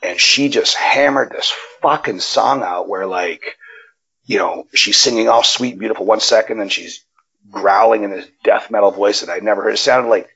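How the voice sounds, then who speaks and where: A man guest on a wrestling interview, telling stories in a casual, profane and animated way, his pitch jumping up when he gets excited. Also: moderate pace, slightly rough, highs cut off. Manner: animated, profane storytelling with sudden jumps in pitch. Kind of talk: casual storytelling chat. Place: Nevada.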